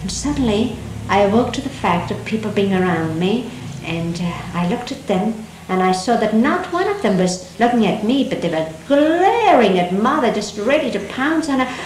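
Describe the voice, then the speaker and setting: A middle-aged woman whose first language is Dari reminisces on a roomy archival 1970s tape with faint hiss. Her medium-pitched voice is sing-song, and she tells her memories gently and unhurriedly, reflective, with many pauses and restarts.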